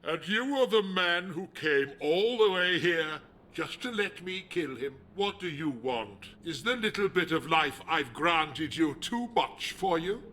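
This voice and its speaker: A man voicing a megalomaniac male leader of a druid order in a video game, talking in a slow, menacing, pompous way. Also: on the high side, animated, sharp tone, a little hiss or hum. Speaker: game villain.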